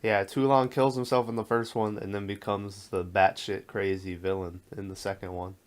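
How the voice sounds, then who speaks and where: A man's voice: on the low side, level tone, normal speed, clear, resonant tone. Laid-back man swearing through movie chat. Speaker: podcast co-host.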